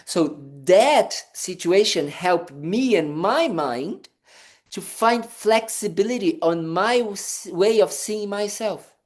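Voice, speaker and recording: In a slow, animated voice that sits high, a Buddhist monk delivers an informal dharma talk. He speaks conversationally and playfully, restarting often and saying "you know" a lot, and acts out little scenes with "da, da, da."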